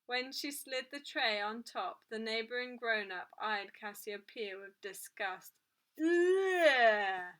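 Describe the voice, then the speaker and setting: A woman reading a children's book aloud in a clear, steady way. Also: fairly high pitch, a little slow, few pauses. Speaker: storyteller.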